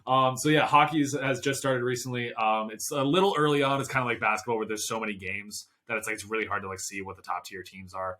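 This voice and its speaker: A man's voice: medium pitch, fairly even intonation, bright, forceful tone. A young man co-hosting a casual sports podcast, chatting loosely and laughing often. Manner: laughs often, quick asides. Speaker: podcast co-host.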